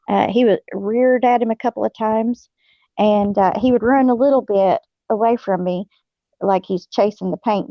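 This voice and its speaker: Gravelly-voiced woman telling stories. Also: medium pitch, dry recording. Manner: folksy, laughs often, many fillers. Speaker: host. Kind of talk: casual storytelling chat. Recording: dull lo-fi sound.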